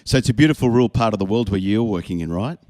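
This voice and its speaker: A man's voice: lowish voice, animated, racing, mellow, no room sound. A man, hosting a podcast in an upbeat, joking casual chat. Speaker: podcast host.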